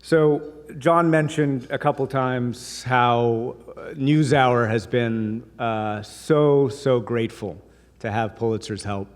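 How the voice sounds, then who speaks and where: A man giving a conversational, anecdotal speech at a dinner, slipping humor into his stories. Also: mid-range voice. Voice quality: voices others in quoted bits. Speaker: speaker at a dinner. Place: large hall. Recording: long hall reverb.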